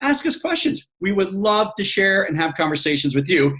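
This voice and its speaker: A man's voice: sits high, very animated, moderate pace, pushed and bright. A man hosting a casual online show, upbeat and encouraging as he chats with his co-host. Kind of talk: casual chat.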